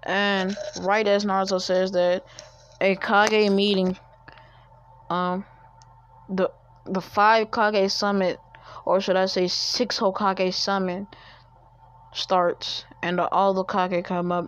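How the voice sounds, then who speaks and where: A woman's voice: medium pitch, level tone, slow pace, pauses often, clear, resonant tone. A woman casually improvising a fan story, rambling and correcting herself as she goes. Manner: rambling, with restarts and self-corrections. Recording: dull lo-fi recording.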